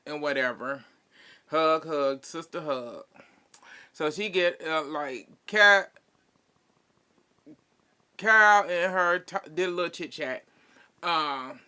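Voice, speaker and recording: A man with a notably high and bright, forceful voice talks through a reality show recap. He laughs often, uses salty slang and acts out what others said with lively emphasis. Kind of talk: casual opinion vlog.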